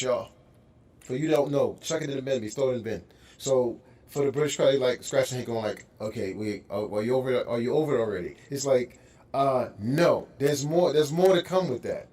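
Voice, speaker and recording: A man's voice: mid-range voice, moderate pace, a little mellow. A man hosting a radio show, chatting casually and animatedly with his guest, laughing and mimicking voices. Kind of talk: casual interview chat.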